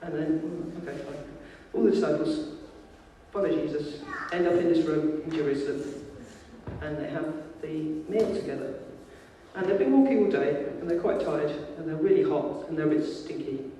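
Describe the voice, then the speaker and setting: Lively storyteller preacher in an echoey hall. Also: male voice, on the high side, normal speed, recorded from a distance, slight background noise. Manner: lively informal storytelling, acting out voices. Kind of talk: sermon. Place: church.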